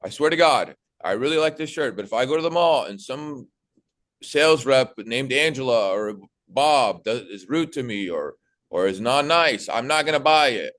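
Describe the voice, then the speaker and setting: A young man giving casual sales coaching, animated, acting out sales calls in a bright put-on voice. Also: on the low side. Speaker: sales trainer.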